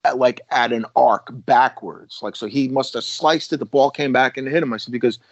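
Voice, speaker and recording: A man's voice: mid-range voice, moderate pace, dry recording, highs cut off. A man, a former police officer, casually telling a long story with many restarts and acted-out quotes. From United States.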